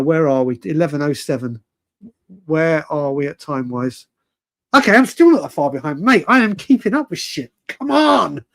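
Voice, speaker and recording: Guy rambling on a late night fan stream, highish voice, laughs a lot. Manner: chatty, rambling, laughs often, calls viewers mate and brother. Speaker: live-stream host. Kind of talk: casual live-stream fan chat.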